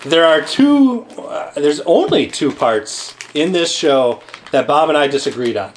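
A man with a high, bouncing voice tells stories in casual chat. He acts out both sides of a conversation as he goes, swinging his pitch up and down. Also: a little slow, a little hiss or hum. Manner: animated storytelling, acting out both sides of dialogue. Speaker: comedy troupe member on a convention recap panel.

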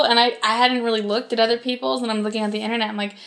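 A woman's voice: a little high, steady tone, very fast, a bit bright. Woman, cosplayer guest; loose, chatty delivery full of "like" and restarts. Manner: chatty, many fillers and restarts. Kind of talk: casual interview chat.

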